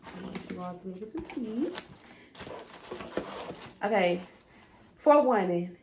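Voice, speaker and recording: A woman's voice: medium pitch, expressive, a little slow, long pauses, mellow, a little hiss or hum. A young woman, talking straight to her viewers in a chatty, emotional home vlog. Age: young adult. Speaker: vlogger. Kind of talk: casual vlog unboxing.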